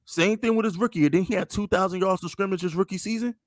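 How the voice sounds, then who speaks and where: A man's voice: sits high, fast, no room sound. A man co-hosting a sports podcast in casual chat, blunt, profane and opinionated. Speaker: podcast co-host.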